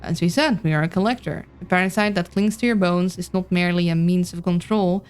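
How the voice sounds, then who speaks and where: A woman voicing a sly ancient talking plant parasite with a folksy cowboy drawl, her voice hoarse. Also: on the low side, steady tone, a little fast, a little mellow, lightly acted. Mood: coaxing.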